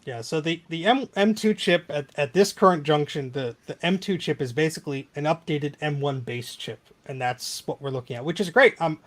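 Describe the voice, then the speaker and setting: A man's voice: a little high, a little fast, few pauses. A chatty man hosting a laid-back tech podcast, his voice sitting a little above the usual male range. He talks loosely, jokes around and drops plenty of fillers and restarts. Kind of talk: casual tech podcast chat.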